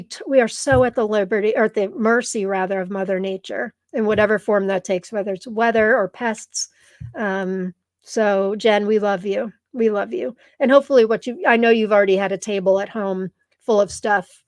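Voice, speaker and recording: A woman's voice: mid-range voice, no room sound. A woman hosting a live stream in casual chat, gushing and reading viewer comments aloud, tearful at times. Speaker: live show host.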